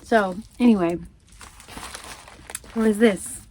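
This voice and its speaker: Speaking slowly with a darkish tone, a crochet vlogger rambles casually straight into the camera. Her voice falls in the middle of the typical female range, and she laughs a lot, drifts off her point and keeps going warmly.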